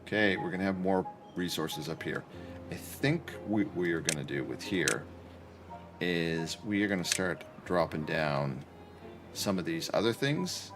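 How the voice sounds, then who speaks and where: With music in the background, a Canadian man streams a game from his apartment, joking and chatting casually with viewers. His low voice is expressive and his pace measured.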